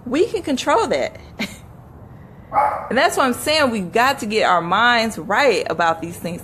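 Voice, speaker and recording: A woman with a somewhat high voice leads a live motivational talk. She repeats short affirmations with earnest, coaching conviction, laughs easily, and speaks to her viewers by name. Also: big pitch swings, measured pace, background noise.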